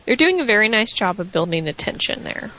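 A woman co-hosting a wrestling recap, chatting casually with animated, joking remarks. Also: mid-range voice, fairly quick. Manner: animated and wisecracking. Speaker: co-host. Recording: dull lo-fi audio.

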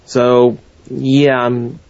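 A man's voice: mid-range voice, little pitch movement, drawn-out words, gravelly, a little mellow, a little hiss or hum. A man co-hosting a casual wrestling podcast, swearing freely with a wry, exasperated manner. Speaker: podcast co-host. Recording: dull lo-fi audio.

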